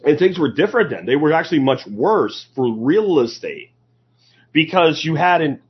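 A man's voice: a little high, big pitch swings, normal speed, husky. A man hosting a podcast, giving a sarcastic, opinionated commentary monologue that rambles with restarts. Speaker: podcast host. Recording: dull lo-fi recording.

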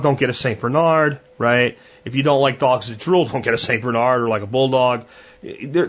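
A podcast host with a medium-pitched, slightly rough voice delivers a casual monologue on a lo-fi recording. He's blunt and conversational, acting out the things he said.

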